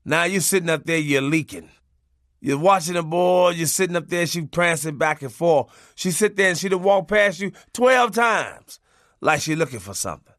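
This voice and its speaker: Profane, loose-talking man with a higher voice. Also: expressive, moderate pace, fairly bright tone, no room sound, clean studio sound. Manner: loose, profane, conversational delivery with laughs. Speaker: audiobook narrator. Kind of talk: comic memoir storytelling.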